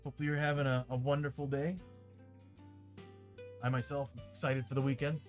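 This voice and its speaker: A man's voice: mid-range voice, little pitch movement, fairly quick. A man streaming a tabletop game, rambling casually to his viewers with a dry throat. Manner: rambling, chatty, talks straight to viewers. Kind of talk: casual livestream chat. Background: faint ambient music.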